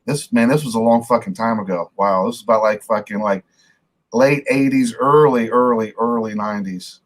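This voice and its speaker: A man's voice: medium pitch, normal speed. A middle-aged man hosting a casual rock podcast, talking loosely and swearing now and then. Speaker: podcast host. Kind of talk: casual chat.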